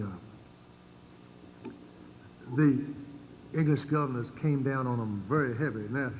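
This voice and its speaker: An older man with a Virginian accent giving an informal lecture to a congregation, halting and full of fillers and repeated words. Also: mid-range voice, a little mellow, a little hiss or hum, low-quality recording. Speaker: church speaker.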